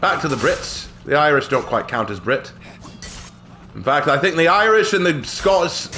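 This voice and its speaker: A man's voice: on the high side, sing-song, moderate pace, bright, forceful tone, slight background noise. A man hamming up a blustering mock-British brawler. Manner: exaggerated put-on British bluster, mocking and boisterous. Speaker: gaming streamer. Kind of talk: hammy in-character gameplay commentary.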